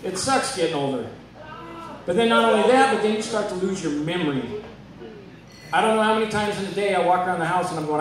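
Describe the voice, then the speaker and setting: A man from Arizona doing a stand-up comedy set, telling deadpan stories with self-deprecating punchlines. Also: high voice, fairly quick, a little hiss or hum. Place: comedy club stage. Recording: echoey club from a distant mic.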